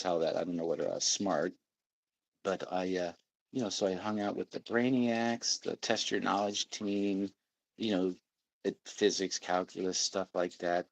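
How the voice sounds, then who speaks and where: A man's voice: on the low side, creaky, a little mellow, dry recording, poor audio. A middle-aged man hosting a casual livestream, rambling and reading out viewer comments. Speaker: livestream host.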